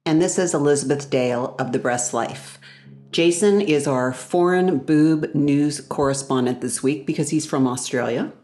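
A woman hosting a casual talk show, chatty and quick to laugh. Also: deep voice, dark tone. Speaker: podcast host. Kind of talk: casual chat.

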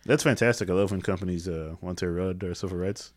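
A man with a fairly low voice who talks fast and throws in dry sarcastic jokes. He co-hosts a casual comedy chat. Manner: dry sarcastic quips, laughing. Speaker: podcast co-host.

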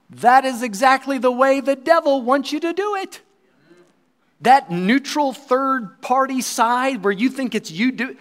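A man preaching a sermon, quoting scripture and acting out voices, swinging between loud bursts and quiet asides. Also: very high-pitched. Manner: acts out quoted voices and crowd replies.

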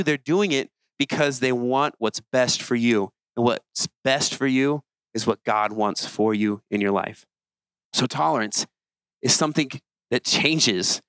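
A man's voice: mid-range voice, a bit bright, dry recording, rough recording. A man preaching an earnest, conversational sermon as a youth pastor, often restarting his sentences as he talks.

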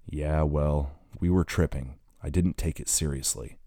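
A man's voice: extremely low pitch, fairly even intonation, a little slow, warm tone, no echo, studio quality, exaggerated voice. A man reading the lines of a guarded, evasive young woman doctor in an audiobook. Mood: defensive.

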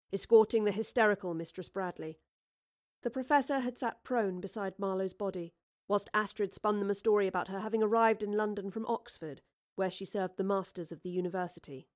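A woman's voice: mid-range voice, dry recording, clean studio sound. Woman reading a novel aloud. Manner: steady, measured reading. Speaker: audiobook narrator. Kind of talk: scripted narration.

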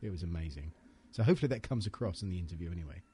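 A man's voice: sits low, lively intonation, rapid-fire, dark tone, slight background noise. A man hosting a casual podcast, talking enthusiastically and rambling a little in a hotel room. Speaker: podcast host. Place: hotel room with soft furnishings.

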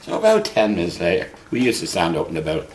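Older man telling lively anecdotes. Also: low-pitched, fast. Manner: animated, laughing anecdotes. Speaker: guest telling stories. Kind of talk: casual storytelling chat.

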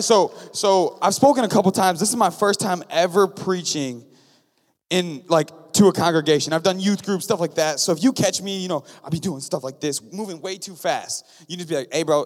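A young man giving his first sermon in a church, excited, rambling and joking with the congregation. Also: high-pitched. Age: young adult. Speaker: guest preacher. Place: church sanctuary. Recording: long hall reverb.

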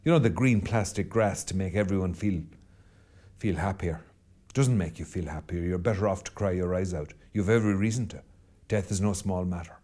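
A middle-aged Irish priest with a lowish voice talks earnestly on his podcast. He argues rhetorically, stacking up questions and pressing his point. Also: brisk, warm tone. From Ireland. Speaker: Catholic priest podcast host. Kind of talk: reflective spoken commentary.

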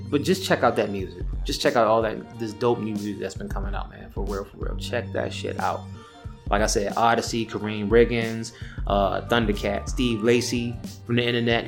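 A man in his thirties hosting a podcast alone, telling a rambling, profane story in casual chat. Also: lowish voice. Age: 30s. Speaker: podcast host. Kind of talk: casual solo rant.

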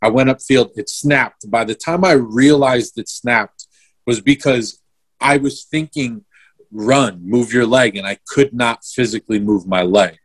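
A man's voice: medium pitch, measured pace. A young man telling a story in casual chat, swearing freely and replaying events step by step. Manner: swears a lot, vivid play-by-play retelling.

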